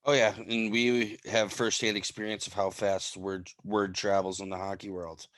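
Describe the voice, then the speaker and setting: A young man with a Wisconsin accent and a low voice hosts a casual podcast. His sentences run loose and easygoing. The sound is dry and close. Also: little pitch movement, moderate pace, a bit bright, no room sound. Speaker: podcast co-host. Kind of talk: casual interview chat.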